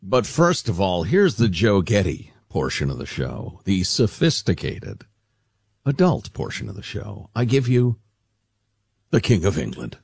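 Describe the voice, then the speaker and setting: A man's voice: fairly low pitch, wildly swooping pitch, unhurried, vocal fry, darkish tone, husky, dry recording. A man co-hosting a radio talk show, joking and self-mocking in casual banter on a studio mic. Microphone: studio microphone.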